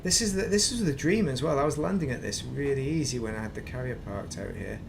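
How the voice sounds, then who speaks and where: British male streamer, grumbly casual commentary, middle pitch, noisy background. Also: animated, fast, gravelly. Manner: grumbling, muttering and swearing at the game. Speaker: game streamer.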